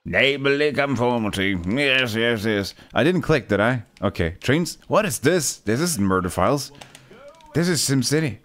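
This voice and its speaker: A man playing a game for a video, joking sarcastically and jumping into sudden loud, high yelps. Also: animated, moderate pace. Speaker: gaming YouTuber. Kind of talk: let's play commentary.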